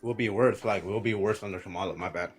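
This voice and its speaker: A man in his twenties calling into a live stream, distracted and halting while he chews. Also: lowish voice, noisy background. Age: 20s. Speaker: caller.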